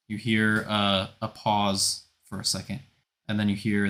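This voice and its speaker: Laid-back low-voiced male game master. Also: unhurried. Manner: relaxed, rambling, many fillers. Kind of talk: narrating a tabletop game.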